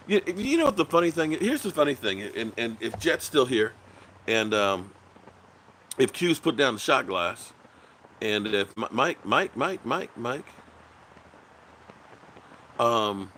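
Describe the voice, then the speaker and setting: Lively, bright-voiced male sports host. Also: medium pitch, a little slow, pauses often, slight background noise. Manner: loose and rambling, reads viewer comments aloud; blunt, swears casually. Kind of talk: casual livestream chat.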